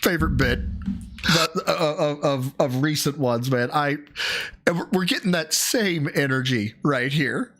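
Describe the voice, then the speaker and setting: A man streaming casual reaction commentary, crude and mocking, swinging up into high laughing squeals. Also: measured pace, fairly bright tone, a little hiss or hum.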